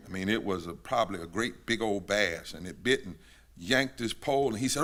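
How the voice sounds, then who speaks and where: A man preaching a sermon at a synagogue gathering, rhythmic and repetitive, building to shouted climaxes. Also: lowish voice, a little fast. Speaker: pastor.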